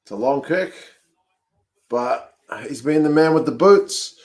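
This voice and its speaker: A man hosting a live rugby watch-along from home, commentating on the match, chatting with viewers, and yelling at the TV in excitement. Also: fairly high pitch, unhurried. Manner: excitable, yells at the screen, chats with viewers. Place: home, in front of a TV.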